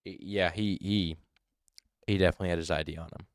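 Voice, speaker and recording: A man hosting a live commentary stream, talking in an animated way and mimicking voices to make his points. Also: low voice, fairly quick. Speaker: livestream host.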